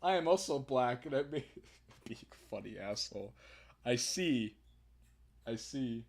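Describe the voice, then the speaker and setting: Lively, loud young man streaming a game. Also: medium pitch, unhurried. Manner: loud, laughing, profane banter. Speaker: streamer playing a visual novel. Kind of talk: live let's-play commentary.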